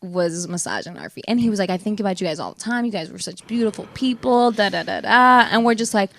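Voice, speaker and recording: A woman's voice: mid-range voice, animated, fast talker, creaky, a bit bright, dry recording. A young woman co-hosting a podcast, telling a story in casual chat, acting out quotes and laughing often. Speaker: podcast co-host.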